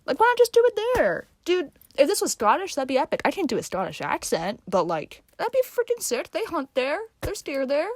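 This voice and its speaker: Young woman vlogger, sarcastic and slangy, lively pitch, brightish voice. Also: fairly quick, few pauses, no echo, clean studio sound. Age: young adult. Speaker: vlogger, host. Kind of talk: casual reaction commentary.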